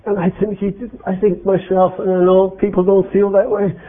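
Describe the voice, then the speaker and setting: A man's voice: high voice, little pitch movement, normal speed. A man preaching an interactive sermon, speaking emphatically and quizzing his congregation with questions. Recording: tinny phone-like lo-fi recording.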